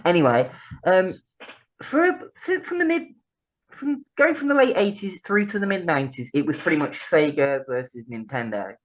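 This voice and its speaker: A woman's voice: fairly low pitch, very animated, normal speed. A woman, co-hosting a podcast in casual chat, laughing often, swearing freely and bantering. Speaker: podcast co-host.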